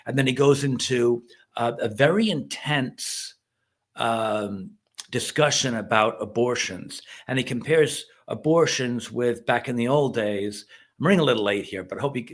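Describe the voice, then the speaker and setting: A middle-aged man speaks as a reverend in a casual video, reviewing a film. His delivery is earnest but rambling, full of halting starts. His voice sits in an ordinary middle pitch.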